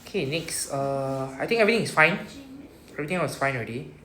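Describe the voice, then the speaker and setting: A man's voice: fairly high pitch, expressive, fast talker, bright, forceful tone. A man with a Singaporean English accent teaching a language class, explaining patiently step by step and modelling words for students to repeat. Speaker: Japanese teacher. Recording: echoey room with faint noise.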